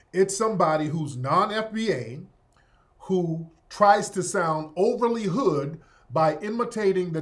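A male host giving opinionated commentary, sardonic and emphatic, often tagging his points with "yeah?". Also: on the high side.

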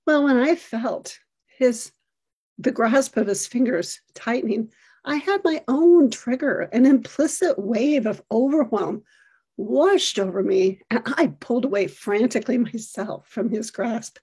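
A middle-aged woman telling a personal story about her son in a reflective, measured, descriptive way. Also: on the high side, a little mellow, breathy edge.

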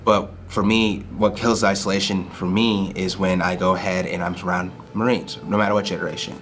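A man's voice: low-pitched, level tone, a little fast, a bit bright, slight background noise. A veteran man speaking frankly and reflectively in an oral history interview.

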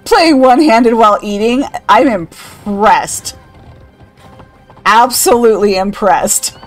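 A woman's voice: on the high side, slow, faint music behind. An older woman streaming a game, chatting casually, reading out chat and laughing often. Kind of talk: casual live-stream chat while gaming.

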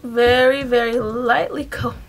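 Chatty young woman with a high voice. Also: flat delivery, a little slow, a little hiss or hum. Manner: chatty, rambling, uses "like" and "um" often. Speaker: beauty vlogger. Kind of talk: casual makeup tutorial. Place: home.

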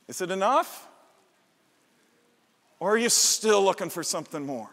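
A man's voice: high voice, expressive, a little slow, creaky, pauses often, a bit bright. A middle-aged male pastor preaching a passionate, emphatic sermon with repeated phrases in a large church sanctuary. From Midwestern United States. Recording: long church-hall reverb.

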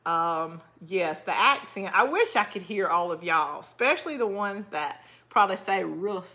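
A middle-aged woman with a South Georgia accent hosts a craft channel, chatting casually with viewers during a live session as she crafts and responds to their comments. Her voice sits fairly low and sounds bright, expressive and forceful, moving at a normal speed.

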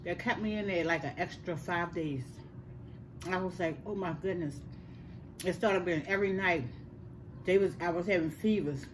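An older woman, telling a personal story in casual chat, animated and repeating words for emphasis. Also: lowish voice, moderate pace, pauses often, a little hiss or hum. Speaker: host.

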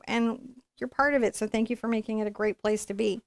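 A woman's voice: a little high, a little fast, few pauses, dry recording. Chatty woman teaching painting, dry sound. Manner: chatty, encouraging, thinks aloud while working. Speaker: painting instructor. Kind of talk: live painting tutorial.

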